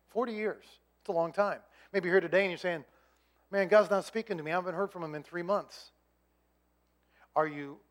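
A man with a high-pitched voice preaching to a church congregation. He swells into loud, fervent repetitions, then falls back to a soft, quiet delivery. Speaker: pastor. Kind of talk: sermon.

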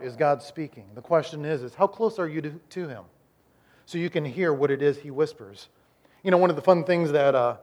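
A pastor delivers a sermon in a fairly high-pitched male voice. He pushes some lines hard and loud, then drops to slow, hushed phrases. He often repeats and restarts his words as he preaches. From Iowa, United States. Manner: preaching with dramatic shifts between loud emphasis and quiet, slowed lines.

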